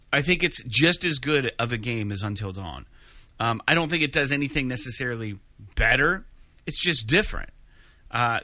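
A man's voice: mid-range voice, bright, forceful tone, no room sound. A man casually chatting about a video game, rambling with many fillers and restarts.

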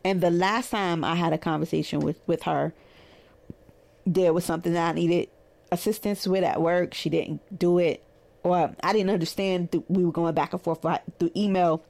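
A woman's voice: normal speed, vocal fry. A woman with a Brooklyn accent, a therapist in private practice, telling a story in a casual monologue and animatedly acting out quoted dialogue. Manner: animated, acts out quoted dialogue with rising pitch.

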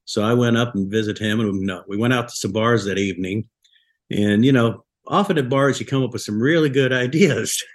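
A man's voice: mid-range voice, brisk. Rambling storyteller man from Buffalo. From Buffalo, New York, USA. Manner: rambling anecdotes with frequent restarts. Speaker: restaurant co-founder guest. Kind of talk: casual podcast storytelling.

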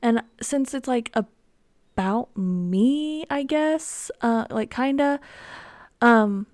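A young woman hosts her own podcast, telling a rambling story packed with ums and likes. Her voice sits on the high side and is a little mellow, and she speaks very slowly. The recording is dry and studio quality.

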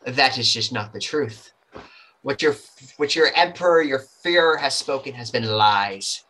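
A man's voice: medium pitch, lively intonation, a little slow, sharp tone, low-quality recording. A man voicing a defiant self-proclaimed male prophet who makes a grand, accusing speech to a crowd.

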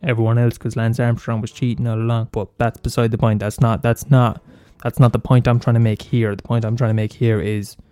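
A man's voice: medium pitch, little pitch movement, brisk, hardly any pauses, mellow, clean tone, no echo, soft background music. An Irish man hosting a solo comedy podcast, blunt and sweary, mocking himself and repeating lines for effect. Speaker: podcast host.

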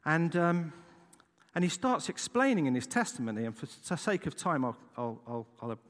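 A man's voice: fairly high pitch, moderate pace. English preacher guy, middle-aged, telling a story all dramatic, voice swings up and down a lot, long echo in the hall. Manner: animated, dramatic storytelling with frequent "right?" asides. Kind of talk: storytelling sermon.

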